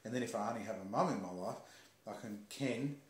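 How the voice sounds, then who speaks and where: A man calmly explaining ideas in a measured, teacher-like way during a casual talk. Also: lowish voice. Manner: calm, slow, explaining like a teacher. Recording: roomy echo.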